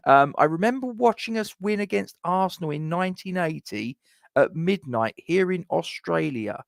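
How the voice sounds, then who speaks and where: Chatty London man with a lively voice. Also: fairly high pitch, unhurried, gravelly, no room sound, clean studio sound. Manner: chatty, teasing, laughs while talking. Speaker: host of a live fan show. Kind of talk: casual live-stream chat reading viewer comments.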